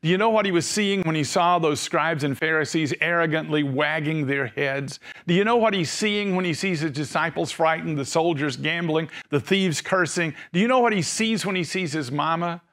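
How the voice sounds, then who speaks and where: A middle-aged male preacher delivering a sermon, telling stories and slowing down and softening at emotional moments. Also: fairly high pitch. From Tennessee.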